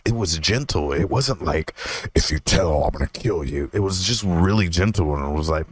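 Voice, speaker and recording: A young man hosting his own podcast, telling a personal story in a rambling, profane way, laughing often and jumping into a higher voice when he quotes himself. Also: moderate pace, no echo. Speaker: podcast host. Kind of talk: casual storytelling monologue.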